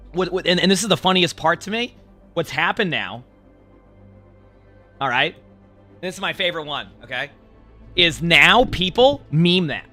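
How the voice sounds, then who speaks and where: A man streaming, chatting casually with his live chat in an animated, sarcastic, rambling way. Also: on the high side. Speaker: game streamer.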